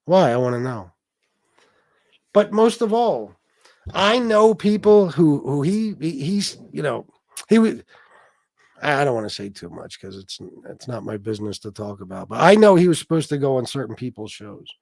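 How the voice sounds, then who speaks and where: A man's voice: medium pitch, moderate pace, gravelly, no echo, clean studio sound. A man hosting a casual livestream, reading viewer comments aloud and ranting bluntly with plenty of swearing. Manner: blunt, profane, animated rants. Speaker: livestream host.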